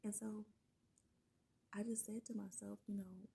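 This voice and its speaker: A middle-aged woman telling her own story in a casual, halting way, often dropping to a whisper and close to tears. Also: mid-range voice, little pitch movement, warm tone, poor audio. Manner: halting, many fillers, often drops to a breathy whisper. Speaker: vlogger sharing her story.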